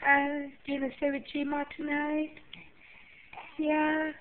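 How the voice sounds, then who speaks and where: A grandmother cooing coaxing, sing-song baby talk in a high voice, unhurried. The sound is thin and tinny, like an old home video, with clear hiss behind her. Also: monotone.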